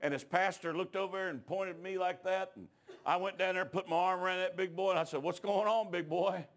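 A man preaching a revival sermon, telling folksy stories and building up to shouts. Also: high voice, steady tone, brisk. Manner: folksy rural talk that rises into shouting. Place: church.

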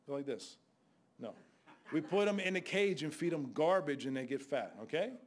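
A man's voice: fairly high pitch, animated, normal speed, a little hiss or hum. A man preaching a sermon in a blunt, conversational way, with sudden outbursts.

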